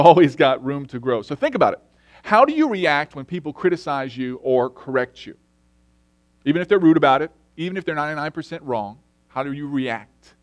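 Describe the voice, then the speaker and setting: A middle-aged man preaching a sermon in an earnest, storytelling way, dropping soft and then rising emphatic. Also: a little high, no room sound. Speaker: lay preacher.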